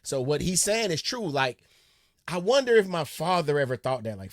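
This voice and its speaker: A man hosting a reaction video, chatting casually in a relaxed, slang-heavy way about his father. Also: a little high, moderate pace. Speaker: reaction channel host.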